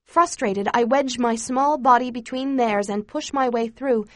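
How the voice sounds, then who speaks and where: A woman narrating a first-person memoir in a measured, earnest reading with dramatic emphasis. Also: a little high, fairly bright tone, dry recording, clean studio sound. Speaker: audiobook narrator.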